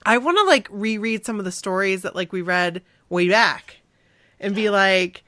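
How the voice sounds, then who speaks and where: A woman's voice: mid-range voice, moderate pace, fairly bright tone, no echo. A woman in her forties, guest co-host of a podcast, chatting in a bubbly, enthusiastic way. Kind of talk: casual chat.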